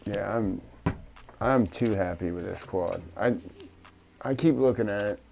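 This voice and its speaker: A man's voice: fairly low pitch, unhurried, creaky, darkish tone. A man rambling casually and profanely to himself as he tinkers in his home studio. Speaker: FPV drone hobbyist. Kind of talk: casual workbench chat.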